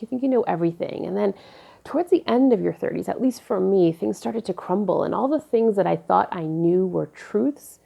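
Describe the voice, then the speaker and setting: A woman in her forties speaking candidly to camera, telling personal stories and reflecting slowly and deliberately. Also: mid-range voice, vocal fry, mellow, slightly rough. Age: 40s. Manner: candid, storytelling, turns slow and deliberate when reflective. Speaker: vlogger.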